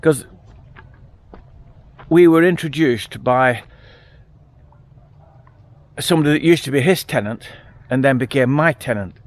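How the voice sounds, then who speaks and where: A middle-aged man chats bluntly to his camera outdoors beside a field. His voice sits at an ordinary middle pitch, and his talk comes in a casual, restarting flow. The sound is captured on a handheld phone. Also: unhurried, pauses often, no echo. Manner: chatty, blunt storyteller with frequent restarts. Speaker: vlogger.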